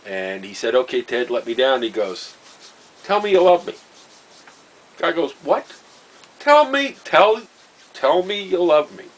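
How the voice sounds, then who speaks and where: Middle-aged guy rambling thru stories, kinda low voice, starts over a lot, soft hiss behind. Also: rough recording. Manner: rambling, self-interrupting, chuckling at his own stories. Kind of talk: casual storytelling monologue.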